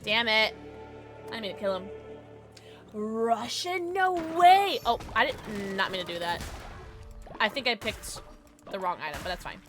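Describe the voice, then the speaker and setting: A young woman streaming a game, chatting casually with her viewers and reading chat aloud, bubbly and quick to laugh. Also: medium pitch, animated, over music. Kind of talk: casual gaming livestream chat.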